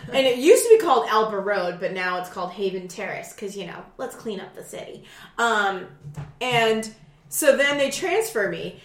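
A woman telling a story in a casual chat, profane and animated, acting out her own shouting. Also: mid-range voice, normal speed. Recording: roomy echo.

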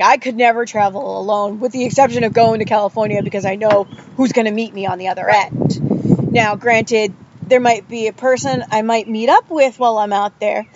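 A woman's voice: on the high side, noisy background. Blunt, opinionated woman podcaster. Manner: blunt, opinionated, quick asides. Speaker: podcast co-host. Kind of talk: casual chat. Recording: dull lo-fi podcast audio.

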